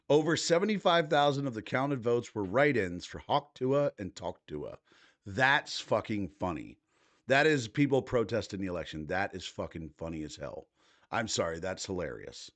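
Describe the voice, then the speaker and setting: A man in his 30s hosts a livestream, reading posts aloud and reacting with casual, profane commentary. His voice is fairly low and expressive, delivered at a normal speed.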